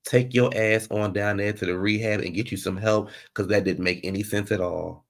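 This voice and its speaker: A man giving a casual recap of a reality TV episode. He is sassy and animated, jumping between loud outbursts and muttered asides. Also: on the low side, normal speed, creaky.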